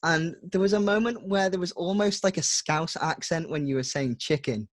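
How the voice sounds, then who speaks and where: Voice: medium pitch, moderate pace, dry recording. A podcast host from the Wirral, asking playful, teasing questions with lots of "um"s. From the Wirral, England. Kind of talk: casual interview.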